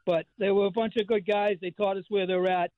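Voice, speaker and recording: A man's voice: high voice, fairly even intonation, a little fast, no echo, muffled recording. A man in his fifties with a Boston accent, calling in to a radio show and rambling through stories with lots of fillers and restarts. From Boston area. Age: 50s. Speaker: regular call-in guest. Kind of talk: casual radio chat.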